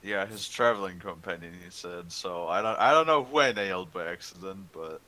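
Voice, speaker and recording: A man's voice: sits low, a little fast, bright, forceful tone, rough recording. A man playing in a tabletop game, chatting casually, defensive and profane with rambling filler talk. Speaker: player. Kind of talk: casual gaming chat.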